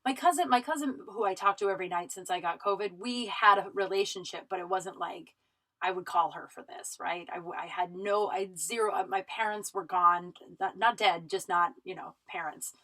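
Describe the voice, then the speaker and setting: A woman's voice: medium pitch, normal speed, pushed and bright, rough recording. Tearful woman rambling through a story. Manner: emotional, rambling, many restarts and fillers. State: tearful, runny nose. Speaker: podcast host. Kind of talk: personal storytelling monologue. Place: home recording room.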